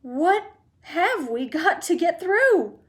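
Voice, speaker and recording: A woman reading aloud and voicing an excitable old grandfather who shouts in high, panicky bursts. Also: slow, exaggerated voice. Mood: thrilled. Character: excitable old grandfather, wiry and easily alarmed.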